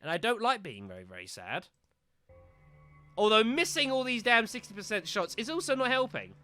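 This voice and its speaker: A man's voice: very high-pitched, lively intonation, fast, sharp tone, soft background music. A man streaming a game live, talking to viewers as folks and getting exasperated at missed shots. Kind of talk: live gameplay commentary.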